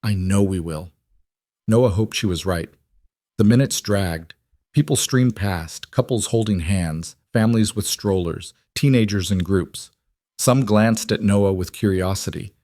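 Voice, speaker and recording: A man narrating a dramatic story in a steady, scripted manner. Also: lowish voice, unhurried, no room sound, clean studio sound.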